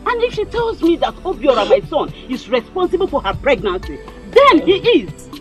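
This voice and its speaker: A reassuring Nigerian-accented mother, with a voice that swings widely up and down as she calms a friend. Faint music sits under the dialogue of this film drama. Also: sits high, moderate pace, exaggerated voice. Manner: calming, reassuring. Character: soothing, assured mother of a prince's rival. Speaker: actor.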